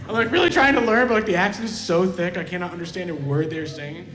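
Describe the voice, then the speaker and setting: A man's voice: high voice, quick pace, crowd noise. A man doing casual, profane, rambling stand-up banter on a live stage. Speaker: stand-up comedian and musician. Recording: live hall echo, music behind.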